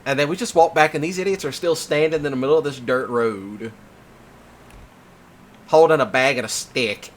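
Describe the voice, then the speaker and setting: A man hosting a casual chat, telling stories in an animated way, laughing often and swearing freely. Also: mid-range voice, moderate pace, pauses often. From Mississippi. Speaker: host.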